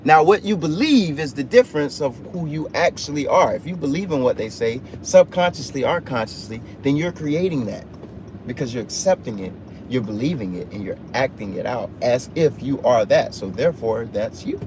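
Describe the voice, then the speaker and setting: Recorded by phone for a livestream inside a truck, with noisy cabin sound, a man offers an unplanned motivational talk. His mid-range, somewhat mellow voice has lively intonation and a moderate pace, and he drives points home through emphatic, repetitive, preaching delivery.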